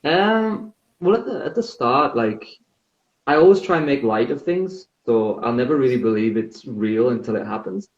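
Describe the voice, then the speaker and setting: A relaxed, chatty young man with a northeast English accent talks at a middle pitch. His voice comes over a live video call, sounding roomy and a little dull. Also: normal speed. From northeast England. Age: 20s. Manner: easygoing and chatty, with light laughs. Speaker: guest. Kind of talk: casual interview chat.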